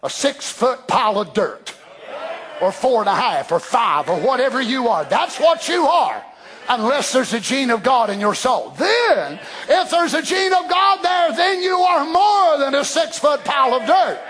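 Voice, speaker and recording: A man preaching a sermon in a fiery, emphatic way, often raising his voice to a shout. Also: very high-pitched, sing-song, a little slow.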